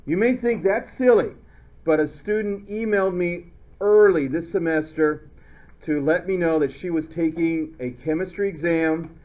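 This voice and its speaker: A male chemistry teacher lecturing a class in a playful way, now and then shouting silly memory phrases. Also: on the high side, unhurried. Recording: dull lo-fi classroom recording.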